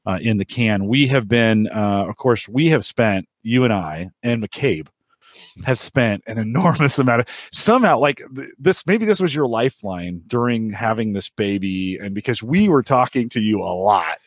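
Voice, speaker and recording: A man hosts a tech podcast in loose, friendly chat, drifting through asides and filler words. His voice sits fairly low and is recorded dry and close, with no room sound. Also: expressive, moderate pace, no room sound. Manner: rambling, friendly, many fillers. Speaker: podcast host. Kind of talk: casual chat.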